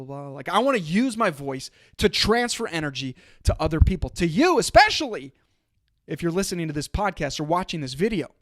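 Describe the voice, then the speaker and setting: A high-pitched man in his thirties delivers a motivational podcast monologue straight into a studio microphone. He speaks with fiery emphasis and hammers home repeated phrases. The sound is dry, with no room around it. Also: dry recording. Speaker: podcast host and coach. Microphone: studio microphone and camera.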